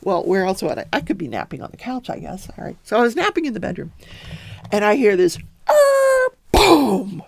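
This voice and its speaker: A woman's voice: medium pitch, fast talker, gravelly. A woman hosting her own daily talk show, chatting casually and telling a story, acting out the people in it. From South Florida. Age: older. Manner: chatty storyteller, quotes people in lively voices. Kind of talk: casual chat.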